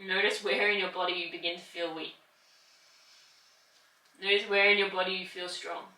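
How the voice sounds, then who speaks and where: Bright-voiced yoga teacher, roomy and distant. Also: female voice, lowish voice, little pitch movement, normal speed. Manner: encouraging, pushes through effort and laughs at the strain. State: strained from holding the poses. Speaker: yoga instructor. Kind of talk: guided yoga class instruction.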